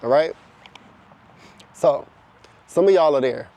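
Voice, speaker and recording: A man giving a casual spiritual talk to the camera, telling animated stories and acting out quoted voices, with some casual swearing. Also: a little high, slow, creaky. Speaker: spiritual content creator.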